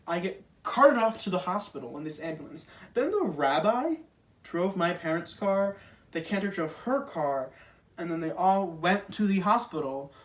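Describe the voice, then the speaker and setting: A man's voice: a little high, distant mic. Chatty young man doing stand-up, a bit off-mic. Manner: chatty, animated, self-deprecating, many fillers. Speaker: stand-up comedian. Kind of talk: casual stand-up monologue.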